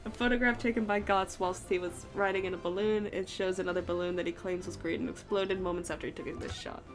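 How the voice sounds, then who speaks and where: A woman's voice: lowish voice, steady tone, quick pace, soft background music, voice pushed down, lightly acted. A woman voicing a fussy, hesitant old male judge. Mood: flustered.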